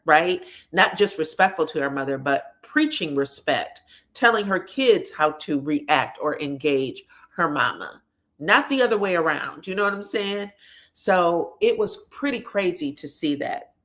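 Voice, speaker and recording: A woman's voice: fairly low pitch, fairly bright tone. A woman casually recapping a reality show episode in a chatty, conversational way. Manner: chatty, conversational, drops in "you know what I'm saying".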